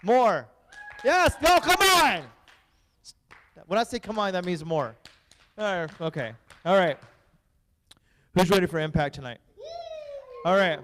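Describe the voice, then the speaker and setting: Playful high-voiced pastor in a reverberant hall. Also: male voice, moderate pace, long pauses, slight background noise. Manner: playful, teasing, bossy with the kids. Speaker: youth pastor. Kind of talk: lively youth-group game hosting. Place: church hall.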